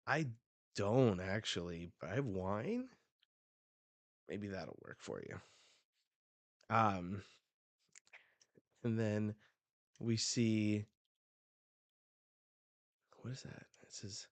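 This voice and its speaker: A man reacting on a live stream as he reads a manga, talking casually and excitedly into a close desk mic. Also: on the low side, slow pace, pauses often, no room sound.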